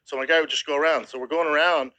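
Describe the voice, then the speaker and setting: Man telling a story, bright and tense. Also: fairly high pitch, racing, low-quality recording. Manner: profane, animated retelling with acted quotes. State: emotional, near tears. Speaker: podcast host. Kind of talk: casual storytelling.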